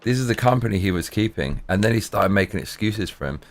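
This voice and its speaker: A man's voice: lowish voice, animated, quick pace, slight background noise. A man streamer telling rambling, profane stories in casual chat, full of restarts and swearing.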